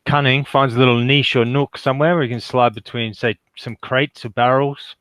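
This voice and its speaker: A man with a smooth, clear voice of medium pitch plays a tabletop role-playing game. He talks hesitantly, checking details with the game master, and the sound is dry. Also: steady tone, normal speed, a bit bright, no room sound. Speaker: player.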